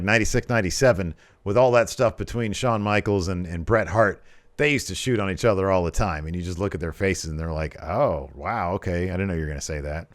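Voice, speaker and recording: A man's voice: fairly low pitch, no echo, clean studio sound. A young adult man giving chatty, sarcastic commentary over wrestling footage, rambling a little. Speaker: wrestling video host.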